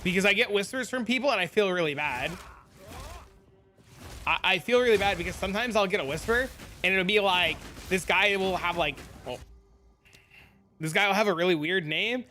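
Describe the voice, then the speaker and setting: A man's voice: sits high, moderate pace, long pauses, pushed and bright, soft background music. A man streaming a game and chatting casually with viewers, blunt, profane and rambling. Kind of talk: casual live-stream chat.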